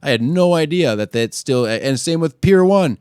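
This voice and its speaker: A man hosting a podcast, ranting casually and crudely, often pushing his voice louder and higher when worked up. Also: animated, moderate pace, clean tone, dry recording, studio quality. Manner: profane, crude trolling rant. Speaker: podcast host. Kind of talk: casual solo rant.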